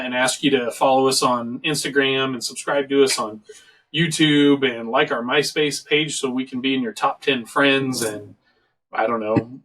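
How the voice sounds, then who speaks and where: A middle-aged man hosts a casual video-call talk show, rambling through joking stories in a voice of ordinary, middling pitch. He sits a little back from his mic, so the sound is slightly distant. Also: a bit bright. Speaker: show host. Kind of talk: casual podcast chat.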